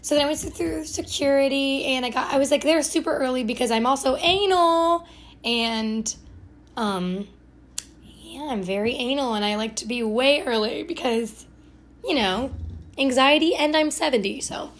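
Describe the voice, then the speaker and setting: A woman's voice: sits high, normal speed. A young woman from Ohio hosting a podcast, telling a rambling, self-deprecating story full of "like" and self-corrections. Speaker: podcast host. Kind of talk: casual storytelling monologue.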